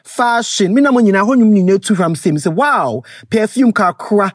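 A woman from Ghana with a Ghanaian accent hosting a casual solo podcast, animated and exclamatory, mixing English with Twi. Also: medium pitch, normal speed, husky, no room sound, clean studio sound. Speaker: podcast host.

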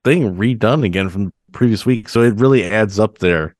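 A man co-hosting a podcast in a casual chat, talking in a relaxed, rambling way. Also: fairly low pitch, moderate pace, no echo, clean studio sound. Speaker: podcast co-host.

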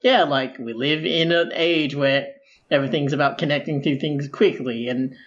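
Slightly high-voiced guy, relaxed podcast chat, lots of like. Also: normal speed. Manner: relaxed, lots of "like", laughs easily. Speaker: podcast co-host. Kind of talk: casual chat about song lyrics.

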